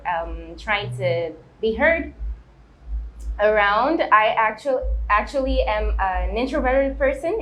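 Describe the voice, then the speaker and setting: A young woman guest speaks very slowly and hesitantly, pausing on fillers as she introduces herself. Her voice sits in a middle pitch, with a faint hiss of noise behind it. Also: low-quality recording. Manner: hesitant, soft-spoken, many fillers. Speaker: interview guest, HR student. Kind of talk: interview answers.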